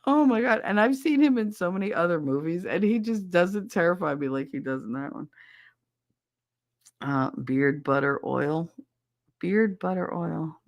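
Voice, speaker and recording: A woman's voice: on the low side, lively intonation, a little slow, dry recording, clean studio sound. A woman hosting a podcast, chatting casually with listeners, blunt and swearing freely. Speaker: podcast host reading listener chat. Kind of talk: casual chat.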